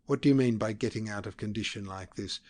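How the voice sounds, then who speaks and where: Sneering, condescending young diplomat for a storybook reading, sharp and raised in pitch, as a male narrator puts him on. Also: moderate pace, close to an everyday voice. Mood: mocking.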